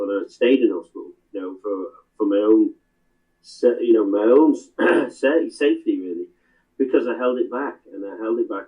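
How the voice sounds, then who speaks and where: A man hosting a podcast, speaking earnestly and emphatically, often repeating phrases. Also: fairly low pitch. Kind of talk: casual conversation. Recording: tinny phone-like line.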